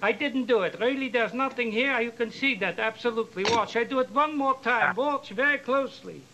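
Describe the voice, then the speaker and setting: A man's voice: very high voice, brisk, noisy background. A man playing an elderly New York stage magician with a heavy Yiddish accent, teasing a volunteer through his patter. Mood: teasing showman.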